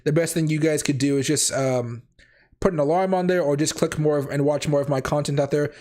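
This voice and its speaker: Fast-talking raspy man with a cold. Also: fairly high pitch, dark tone. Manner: rambling, self-correcting, chatty. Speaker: crypto trading livestream host. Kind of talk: casual livestream chat.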